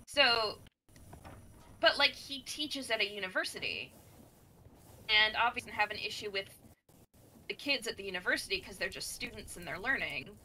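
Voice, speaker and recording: A woman gaming streamer retelling a story in a chatty, animated way, with many fillers. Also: mid-range voice, normal speed, pauses often, slight background noise. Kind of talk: casual storytelling while playing a game.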